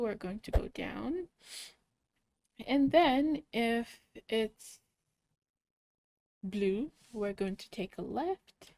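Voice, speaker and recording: A young woman slowly talking kids through a coding puzzle, muttering each step and cheering when it works. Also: fairly high pitch, rough recording. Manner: cheerful, muttering steps aloud, excited yays. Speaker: coding club instructor. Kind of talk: slow think-aloud coding walkthrough for kids.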